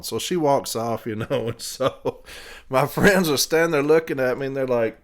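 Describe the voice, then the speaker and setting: A man's voice: medium pitch, normal speed. A man hosting a podcast, telling a long rambling story in a casual way, laughing between phrases and swearing freely. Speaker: podcast host.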